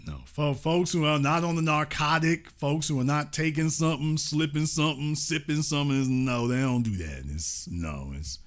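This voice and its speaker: A man hosts a heated call-in show in a slightly high voice. He mocks and vents, jumping from loud jabs down to low mutters. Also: moderate pace, hardly any pauses. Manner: mocking and exasperated, swings between loud jabs and low mutters.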